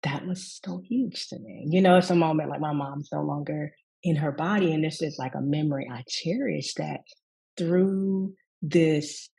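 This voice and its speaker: A woman from the Deep South, a yoga teacher telling a personal story in conversation and often breaking into laughing asides and tag questions. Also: moderate pace, vocal fry, dark tone, husky, rough recording.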